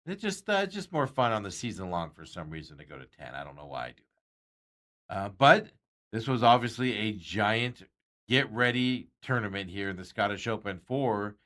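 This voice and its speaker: A low-voiced man hosts a sports talk show in a loose, conversational way. He rambles, corrects himself mid-sentence and laughs lightly at his own asides. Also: big pitch swings, normal speed, fairly bright tone. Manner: rambling, self-correcting, chuckles often. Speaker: sports radio host.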